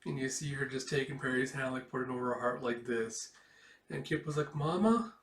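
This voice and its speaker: A man's voice: mid-range voice, little pitch movement, fast talker, a bit bright. Emotional man retelling a comic. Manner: emotional, filler-heavy retelling. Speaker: comic reader. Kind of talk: casual comic read-along. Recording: roomy, distant mic.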